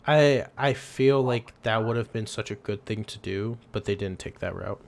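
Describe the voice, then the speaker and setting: Young male co-host, lowish voice, rambling and laughing, slight background hiss. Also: moderate pace, creaky. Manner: rambling, laughs often, swears casually. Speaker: podcast co-host. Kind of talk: casual chat.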